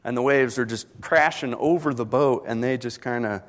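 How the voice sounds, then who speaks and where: Preaching with earnest pauses, a young adult man who serves as a pastor recounts something from his own life. His medium-pitched voice grows more intense as the sermon goes on.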